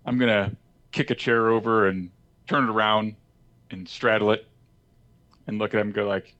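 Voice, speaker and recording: A man playing a tabletop game, laid-back and quick to laugh as he describes his moves. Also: lowish voice, flat delivery, fairly bright tone, highs cut off. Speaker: player.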